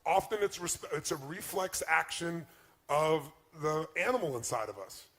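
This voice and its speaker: A man's voice: fairly high pitch, expressive, moderate pace, a bit bright. A man giving an emphatic motivational talk on relationships, acting out quoted speech. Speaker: motivational speaker.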